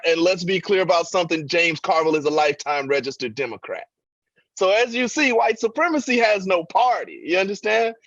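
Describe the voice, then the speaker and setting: A man's voice: high voice, a bit bright, no echo, lo-fi sound. A man giving impassioned political commentary as a radio guest, with emphatic, preacher-like rhetoric.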